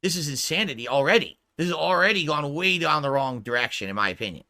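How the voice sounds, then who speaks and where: Incredulous man, high animated voice. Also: quick pace, no room sound. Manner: incredulous, exclaiming, rhetorical questions. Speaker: reaction commentator. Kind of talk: reaction commentary.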